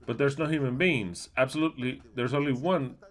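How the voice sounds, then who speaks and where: Speaking at a medium pitch and a fairly quick clip, this man delivers a Bible lesson over livestream. His style is emphatic, heavy on rhetorical questions, shifting from loud to soft, and peppered with crude, blunt remarks.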